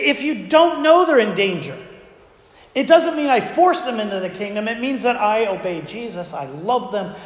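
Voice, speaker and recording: A man preaching a sermon to his congregation in a conversational way, asking them frequent rhetorical questions. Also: extremely high pitch. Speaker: pastor. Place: church sanctuary. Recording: echoey church hall with long reverb.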